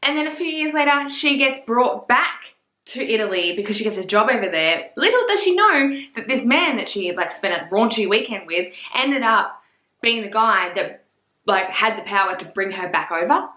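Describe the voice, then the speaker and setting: A woman's voice: fairly high pitch, lively intonation, normal speed, pushed and bright, roomy sound. A woman chatting casually as a book reviewer, gushing and swearing freely. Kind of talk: casual chat.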